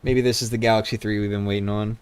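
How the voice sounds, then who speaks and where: A man's voice: fairly low pitch, level tone, fast talker, smooth. A young man streaming live, rambling casually into a handheld microphone, swearing now and then. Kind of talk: casual livestream chat.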